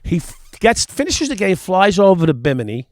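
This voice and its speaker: A middle-aged man hosting a casual talk show, telling profane, animated stories and acting out the quotes. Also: sits high, a little fast, dry recording, clean studio sound. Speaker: podcast host. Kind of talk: casual storytelling chat.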